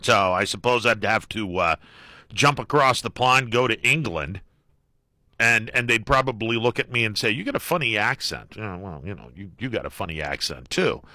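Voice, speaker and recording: A man's voice: fairly low pitch, normal speed, pushed and bright, no echo, clean studio sound. A middle-aged man hosting a call-in radio show, joking wryly and leaning on fillers as he reads poll results. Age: middle-aged or older. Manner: wry, joking, with frequent fillers. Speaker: radio talk show host. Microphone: studio microphone.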